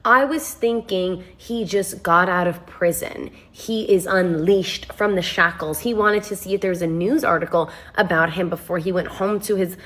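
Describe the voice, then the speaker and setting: A woman telling a comic storytime for a vlog, animated and wry, with sarcastic asides and sudden jumps up in pitch. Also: moderate pace, hardly any pauses.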